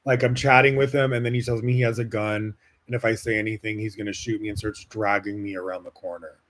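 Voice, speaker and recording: A man's voice: on the low side, fast. A man from Las Vegas hosting a podcast, telling a personal story in a casual, frank way with many "like" fillers. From Las Vegas, United States. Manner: casual, heavy use of "like" fillers, frank and animated. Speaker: podcast host.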